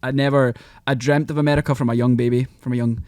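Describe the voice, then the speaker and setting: Scottish man, podcast guest, medium pitch, rambling lively talk, dry close sound. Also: fast talker, dry recording. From Scotland. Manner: animated, rambling, breaks into mock voices. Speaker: podcast guest, country singer. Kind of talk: casual podcast chat.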